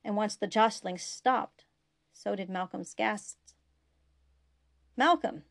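A woman narrating a science fiction story aloud in a steady, even way. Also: mid-range voice, slow, vocal fry. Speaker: fan fiction reader.

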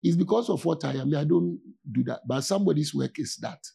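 A man's voice: a little high, animated, creaky, dark tone, slightly rough. A man, a pastor, giving a conversational sermon in an informal way, often stopping to ask his listeners whether they follow. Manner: informal, asks "do you see?" often, with laughs and pauses.

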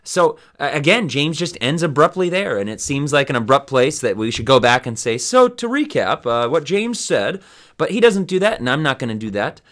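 Man, Bible study host, conversational teaching, rambling, lots of fillers, medium pitch. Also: expressive, a little fast, few pauses, a bit bright. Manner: rambling, many fillers and restarts.

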